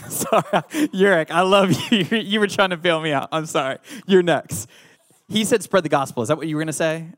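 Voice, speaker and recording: A man's voice: a little high, normal speed, fairly bright tone, no room sound. A man preaching a youth sermon, playful and teasing the audience. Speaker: youth pastor.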